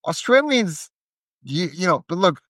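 A man's voice: high-pitched, sing-song, measured pace, a bit bright, no room sound, studio quality. A man co-hosting a casual podcast chat, opinionated and stumbling over repeated restarts. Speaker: podcast co-host.

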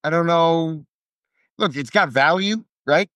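A man's voice: fairly high pitch, takes it slowly, a bit bright, clean tone, dry recording. A man co-hosting a casual podcast chat, opinionated and stumbling over repeated restarts. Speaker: podcast co-host.

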